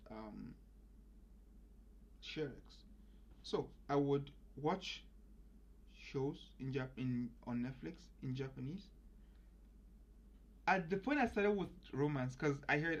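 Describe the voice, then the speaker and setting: A young man chatting casually about his own learning, rambling with many fillers and restarts and sudden excited bursts. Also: on the high side. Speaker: language learning vlogger. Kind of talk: casual reflective monologue. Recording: muffled lo-fi audio.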